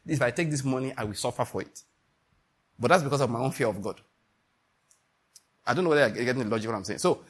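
Emphatic Nigerian preacher, husky voice. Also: male voice, medium pitch. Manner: emphatic, asks the congregation questions, acts out little scenes. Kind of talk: sermon.

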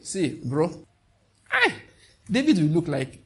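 A man's voice: high voice, huge pitch swings, takes it slowly, long pauses, a bit bright, breathy edge. A man with a Nigerian accent preaching a sermon with passion, slipping into pidgin asides. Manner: impassioned, mixing in pidgin asides.

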